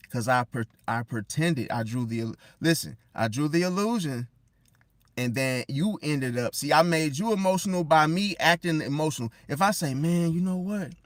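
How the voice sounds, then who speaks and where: A man giving casual relationship advice straight to the listener, slangy, calling them bro and swinging between loud and hushed. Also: a little high, no room sound. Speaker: zodiac relationship commentator. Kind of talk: casual direct-to-camera advice rant.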